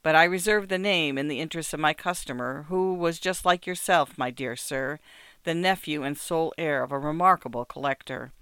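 A sharp-tongued male shop dealer, as a reader puts him on, with a dry, biting voice. He talks curtly and impatiently, the voice clean and close. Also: medium pitch, normal speed, smooth, dry recording, close to an everyday voice. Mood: smooth salesman. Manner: brusque, impatient, mocking chuckles.

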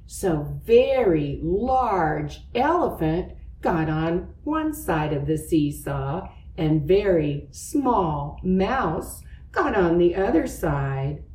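A woman reading a children's picture book aloud slowly and expressively, acting out its sound effects. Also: on the low side, very animated, a little mellow, distant mic. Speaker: storyteller. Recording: roomy, away from the mic.

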